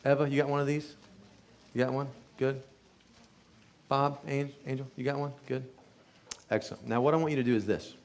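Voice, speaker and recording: A man's voice: mid-range voice, fairly even intonation, brisk, long pauses, darkish tone, slight background noise. A man, a chiropractor, earnestly telling a patient's healing story to a live audience and acting out what people said. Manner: earnest testimonial storytelling, acts out quoted speech.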